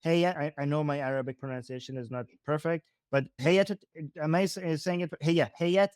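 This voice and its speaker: A man's voice: on the high side, fairly quick, a little mellow, smooth, dry recording, studio quality. A man with a Persian accent giving casual live commentary on videos, thinking aloud with frequent restarts and self-corrections.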